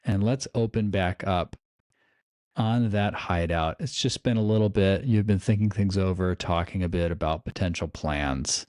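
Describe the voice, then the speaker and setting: A man's voice: sits low, normal speed, a little mellow, dry recording, studio quality. A man running a tabletop game who chats and narrates in a rambling, filler-heavy way. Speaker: game master. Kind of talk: casual chat and game narration.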